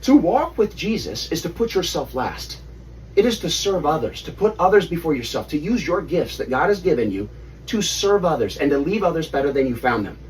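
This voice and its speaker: A man in his thirties retelling a story to his children at home, animated and stopping to quiz them. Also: on the high side, a little fast, a little hiss or hum. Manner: animated, asks kids questions. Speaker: father leading family Bible study. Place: family home. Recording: distant mic, faint room ambience.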